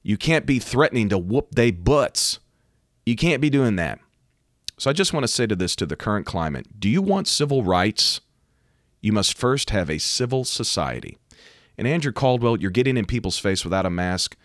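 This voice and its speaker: An American man, a preacher, talking emphatically about faith and current events and rising to loud, animated outbursts. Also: on the low side, normal speed, dry recording, clean studio sound. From United States. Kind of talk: preaching commentary to camera.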